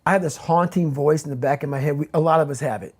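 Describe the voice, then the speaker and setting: A man's voice: fairly high pitch, quick pace, a little mellow, breathy edge. A man giving a motivational interview as the guest, speaking intensely and emphatically and repeating his key phrases.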